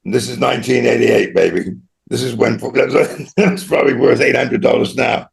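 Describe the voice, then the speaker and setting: Older man from Australia, gravelly voice, mid pitch, rambling anecdotal interview guest. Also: normal speed. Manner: rambling anecdotal, frequent tag "right?". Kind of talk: storytelling interview.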